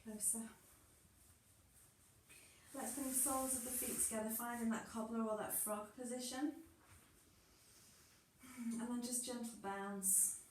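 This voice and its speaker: A woman teaching a floor-exercise class in an encouraging, playful way, her voice sitting a little high. She sounds set back from the mic in a very echoey room, with a faint hiss underneath. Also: flat delivery, a little slow, pauses often, far from the mic. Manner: encouraging, playful, laughs often. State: a little out of breath. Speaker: movement class instructor. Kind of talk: guided exercise class instruction.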